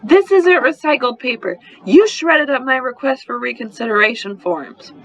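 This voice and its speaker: A man voicing a furious young girl who yells in a high, strained voice, heard on a slightly muffled recording. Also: animated, normal speed, exaggerated voice.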